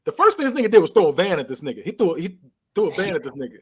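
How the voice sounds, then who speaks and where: A man's voice: sits high, big pitch swings, rapid-fire, a little hiss or hum. A man co-hosting a podcast, animatedly retelling a film scene by scene with sound effects and laughter. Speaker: podcast co-host. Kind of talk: casual movie recap chat.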